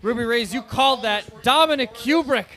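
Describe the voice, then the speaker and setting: A man calling a video game tournament as play-by-play commentator, excitable and shouting at the big moments. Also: very high voice, moderate pace. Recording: loud music and crowd behind.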